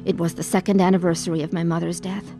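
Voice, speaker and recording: Actress as an earnest, weary wife. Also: female voice, fairly low pitch, flat delivery, fast talker, music in the background, lightly acted. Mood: reflective. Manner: earnest, heavy with pain. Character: weary wife recalling her troubled past. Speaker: narrator and lead character. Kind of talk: radio drama narration and acting.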